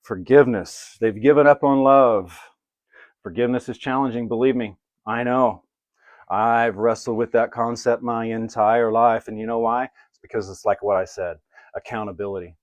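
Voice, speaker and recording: A man's voice: mid-range voice, steady tone, normal speed, no room sound, lo-fi sound. A man giving live oracle card readings to viewers he greets by name, casual and swearing now and then. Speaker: livestream card reader.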